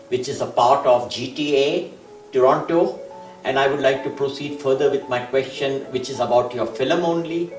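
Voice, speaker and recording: A man hosting a talk show, asking long questions in a formal, measured way with some hesitation. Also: medium pitch. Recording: echoey, distant from the mic, faint music.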